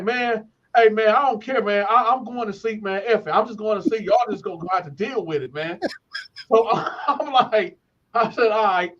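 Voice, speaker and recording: Speaking at an even pace with a high, slightly bright voice, a Flint, Michigan man spins casual stories, laughing a lot and imitating how others talk. The recording's high frequencies are cut off.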